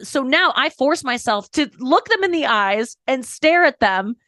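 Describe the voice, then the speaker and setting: A woman's voice: sits high, expressive, sharp tone, no echo, clean studio sound. A woman stand-up comedian in a candid interview, talking frankly and emphatically, breaking off to correct herself and acting out quotes as she tells stories. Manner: frank, storytelling with acted-out quotes; quick, emphatic, self-correcting. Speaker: stand-up comedian, podcast guest.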